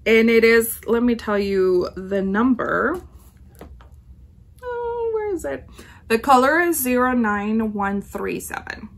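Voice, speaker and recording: A woman's voice: fairly high pitch, measured pace, hardly any pauses. A woman hosting a knitting podcast, chatting casually in a rambling way, full of ums and self-corrections. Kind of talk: casual chat.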